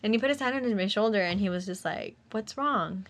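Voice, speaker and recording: A woman's voice: mid-range voice, quick pace. A young woman in casual conversation, telling a sad personal story in a rambling way with lots of fillers and acted-out quotes. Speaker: guest sharing a personal story. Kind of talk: casual chat.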